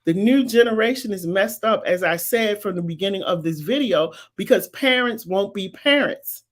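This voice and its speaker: Woman, late fifties, live-stream host, emphatic and repetitive, middle pitch. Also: expressive, normal speed. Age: 50s. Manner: emphatic, repetitive, preacherly insistence. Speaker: talk show host. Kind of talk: live-streamed commentary answering viewers.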